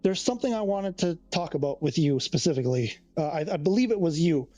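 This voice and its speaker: A man's voice: fairly high pitch, animated, fast talker, dark tone, no room sound. A man hosting a casual live stream, rambling, restarting his sentences and reading chat messages aloud. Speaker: livestreamer.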